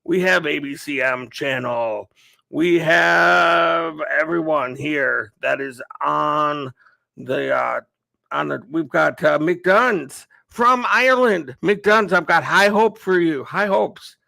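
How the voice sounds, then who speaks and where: A man's voice: fairly high pitch, lively intonation, slow pace, creaky, bright, forceful tone, no room sound. A man hosting a casual livestream, chatting with viewers by name and calling a mock race. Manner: chatty, greets viewers by name, thinks aloud. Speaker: livestream host.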